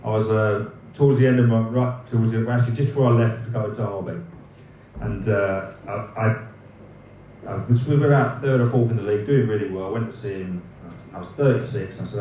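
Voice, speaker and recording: Low-voiced man swearing through laughing anecdotes. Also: steady tone, a little fast, dark tone, muffled recording, slight background noise. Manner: laughing often, swearing, rambling restarts. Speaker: former footballer guest. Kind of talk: live storytelling anecdotes. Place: live event in a cafe. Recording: roomy echoing room, mic at a distance, faint ambience.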